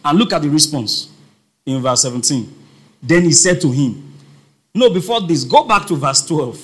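A man's voice: on the high side, expressive, normal speed, husky. A man preaching a sermon, emphatic, repeating his points and calling on the congregation to respond.

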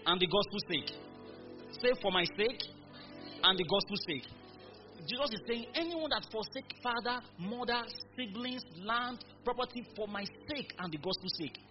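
A man preaching a sermon in church, calling on the congregation to repeat his words. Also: high-pitched. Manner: emphatic call-and-response preaching. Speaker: pastor. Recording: dull recording with music behind. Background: music.

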